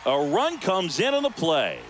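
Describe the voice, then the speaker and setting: Video game baseball play-by-play voice, slightly high and very animated, recorded under steady background noise. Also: male voice, a little slow. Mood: lively. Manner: crisp, excitable calls of each pitch. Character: energetic male baseball play-by-play announcer. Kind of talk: scripted video game commentary.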